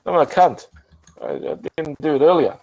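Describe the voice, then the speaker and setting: A man's voice: fairly high pitch, wildly swooping pitch, moderate pace, vocal fry, a little mellow, dry recording, lo-fi sound. A drunk man chatting casually as host, rambling with many restarts and swearing. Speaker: channel host. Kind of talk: casual chat on a group voice call.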